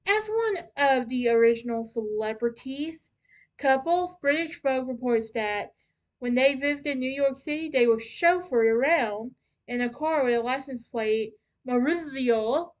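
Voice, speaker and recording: A woman's voice: high voice, animated, measured pace. A young woman hosting a casual true crime podcast, chatty and often stumbling and restarting over names. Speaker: podcast host.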